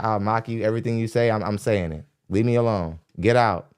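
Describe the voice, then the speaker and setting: A fairly low-voiced young man rants into a studio mic as a podcast host, blunt and mocking. He scolds in a heated tone and often breaks into laughter between jabs. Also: steady tone, fairly quick, clean tone. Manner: mimics others in high squeaky voices. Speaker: podcast host reacting to a dating show. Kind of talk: ranting reaction commentary.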